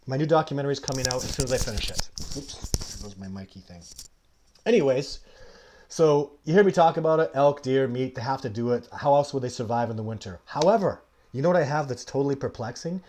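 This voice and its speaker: A man hosting a live question-and-answer stream, greeting viewers by name mid-sentence and telling an animated anecdote with frequent laughter. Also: mid-range voice. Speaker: live show host. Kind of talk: live Q&A with storytelling.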